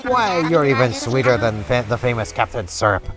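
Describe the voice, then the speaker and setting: Brief: man putting on a punning pirate seagull, lively hammy sailor growl, game music under it. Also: medium pitch, normal speed, natural voice. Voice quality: pirate talk, growled "arr" and "me hearties". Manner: hammy, theatrical, pun-loving. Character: clumsy boastful male seagull pirate, punning.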